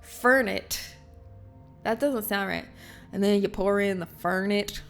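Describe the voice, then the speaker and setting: A woman's voice: medium pitch, steady tone, normal speed, faint music behind. A young woman hosting a livestream, chatting with her viewers in a bubbly, self-mocking way and laughing often. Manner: reads chat messages aloud. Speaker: livestream host. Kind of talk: casual chat with chat readers.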